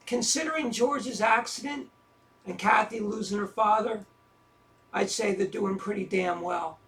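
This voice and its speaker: A man's voice: high voice, unhurried, a bit bright. An actor in an audio drama playing a self-deprecating man who talks with dry, wry sarcasm. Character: self-deprecating sarcastic middle-aged man, troubled lover.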